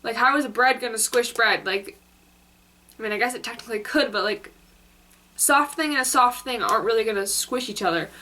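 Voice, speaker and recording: A young woman telling a story in a chatty, rambling way, filling her sentences with "like." Her voice sits a little high and sounds bright and clear. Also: brisk. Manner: chatty, filler-heavy, with lots of "like". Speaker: vlogger. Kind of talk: casual storytime.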